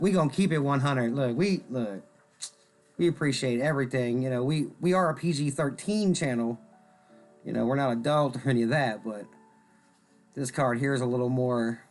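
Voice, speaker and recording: A man with a medium-pitched, slightly mellow voice hosts a card-selling stream. He rambles casually and cracks jokes while showing off cards, greeting viewers by name as they come in.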